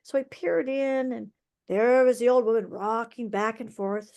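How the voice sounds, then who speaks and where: A woman storyteller telling a folk tale aloud over a video call, lively and expressive, with vocal sound effects. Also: on the high side, measured pace.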